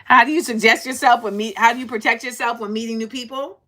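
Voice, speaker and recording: A woman's voice: a little high, fast talker. A woman from Harlem, hosting a casual chat and animatedly acting out the people in her stories. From Harlem, New York. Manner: animated, acts out quoted voices. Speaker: host.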